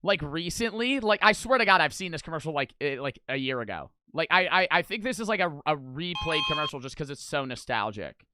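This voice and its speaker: A young man casually reacting to old commercials, loud and ranting, with a lot of swearing. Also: a little high, sing-song, fairly quick, heavy background noise.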